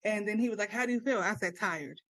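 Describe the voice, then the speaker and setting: A young woman chats on a podcast, retelling stories with lots of drama and playful exaggeration. Her voice sits at an ordinary pitch. The sound is dry and close. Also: fast, dry recording. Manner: animated storyteller, acts out quotes dramatically. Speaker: podcast co-host. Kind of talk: casual chat.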